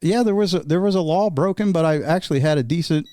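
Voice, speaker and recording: A man's voice: on the high side, quick pace, dark tone. A man guest telling casual anecdotes in a laid-back way, chuckling often. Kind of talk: casual storytelling.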